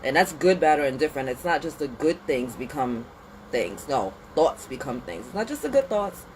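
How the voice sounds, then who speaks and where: A woman hosting a casual spiritual pep talk outdoors in the cold, animated and slangy, sniffly with a runny nose. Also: very deep voice, moderate pace, slight background noise, rough recording. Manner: animated, slangy and conversational, with lots of "like" and "you know". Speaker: spiritual reader and channel host.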